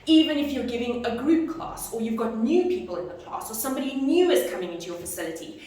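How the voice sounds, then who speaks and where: A woman's voice: fairly high pitch, fast, far from the mic. Woman teaching, echoey and off-mic. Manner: expressive, acts out greetings to clients. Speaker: fitness instructor teacher. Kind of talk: online course lesson.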